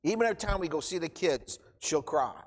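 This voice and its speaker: Fast and expressive, with a voice on the high side, a middle-aged preacher rambles through an informal sermon in a church hall, getting choked up and restarting his thoughts. The room adds a long church reverb.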